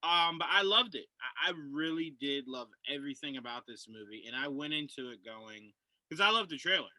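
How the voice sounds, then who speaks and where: A man's voice: on the high side, lively intonation, fairly quick, sharp tone, no echo, rough recording. A man co-hosting a casual podcast film review, enthusiastic and repeating himself as he talks.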